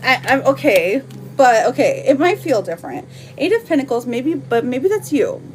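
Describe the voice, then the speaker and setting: A woman reading tarot cards on a live stream, chatting casually and warmly with lots of fillers and slang. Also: sits high, sing-song, normal speed, faint music behind.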